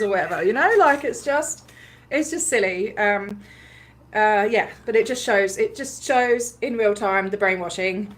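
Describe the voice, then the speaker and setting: A woman with an Australian accent, telling a story in a casual livestream recap, chatty and animated, with many fillers and frequent laughs. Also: on the high side, normal speed. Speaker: activist livestream host.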